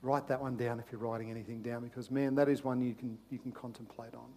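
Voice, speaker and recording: A man preaching a sermon as pastor, passionate and repetitive, swinging between loud urgent pleas and hushed, intimate tones, often stammering into restarts. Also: mid-range voice, flat delivery, quick pace. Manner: repeats phrases, restarts with stammers.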